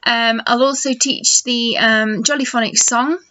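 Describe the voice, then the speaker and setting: Slow, encouraging nursery teacher. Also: female voice, a little high, fairly even intonation, bright, forceful tone. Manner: slow, encouraging, modelling sounds for children to copy. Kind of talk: phonics lesson for young children. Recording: dull lo-fi home video sound.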